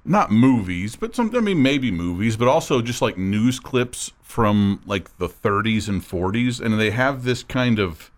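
A man's voice: lowish voice, expressive, measured pace, few pauses. A man co-hosting a sports talk radio show, chatting loosely and reading listener messages. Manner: loose and searching, full of fillers. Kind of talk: casual sports talk chat.

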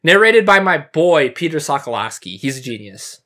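A man's voice: fairly high pitch, sing-song, moderate pace, bright, forceful tone. A man co-hosting a casual podcast, reading out words and definitions with playful asides. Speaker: podcast co-host.

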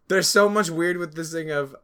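A man's voice: fairly high pitch, moderate pace, bright, forceful tone, clear, resonant tone. A man co-hosting a comedy podcast, sarcastic and incredulous as he riffs on a story and reads aloud. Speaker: podcast co-host. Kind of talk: comedic banter and reading.

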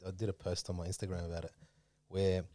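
Host, man, low voice, dry close sound, emphatic and preachy. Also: little pitch movement, fast, dark tone, no room sound. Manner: emphatic, preachy, rising to stress points. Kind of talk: casual religious talk.

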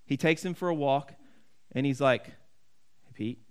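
A man's voice: on the high side, normal speed, a little mellow, smooth. A man preaching a sermon in an earnest, conversational way, often restarting his sentences. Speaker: pastor.

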